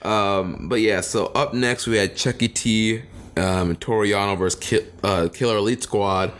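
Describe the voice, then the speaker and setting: A man co-hosting a casual wrestling podcast, relaxed, laughing along and steering the talk back to the topic. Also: lowish voice, measured pace. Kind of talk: casual chat.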